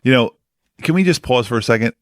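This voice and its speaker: Jokey man with a lively voice. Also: medium pitch, quick pace, no room sound, clean studio sound. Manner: jokey, teasing, talks over others. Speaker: podcast co-host. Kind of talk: casual chat.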